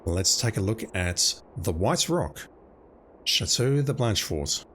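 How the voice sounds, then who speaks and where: A man's voice: fairly low pitch, animated, slow, fairly bright tone, a little hiss or hum. A man giving casual commentary while playing a video game, thinking aloud as he goes. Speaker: let's play commentator.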